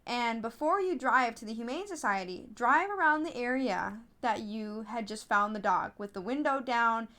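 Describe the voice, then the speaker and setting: Animated chatty woman, slightly high voice. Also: moderate pace, hardly any pauses. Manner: animated storytelling, acts out others in high voices; chatty, frequent fillers and restarts. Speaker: podcast host, app founder being interviewed. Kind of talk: casual interview chat.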